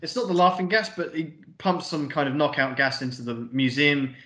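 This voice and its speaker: A podcast co-host with a fairly high-pitched, sharp, brisk voice casually recaps a film scene by scene. His rambling retelling loosely paraphrases dialogue in an offhand way and is peppered with swearing, all in a recording with roomy echo.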